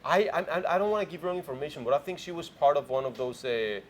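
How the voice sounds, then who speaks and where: A man's voice: a little high, quick pace, a little hiss or hum. A man hosting a morning show in casual chat, playfully quizzing his co-host.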